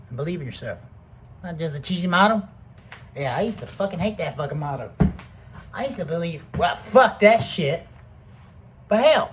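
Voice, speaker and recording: A man rambling through a casual, heavily profane motivational monologue that swings between loud bursts and low mutters. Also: slight background noise, rough recording. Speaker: vlogger.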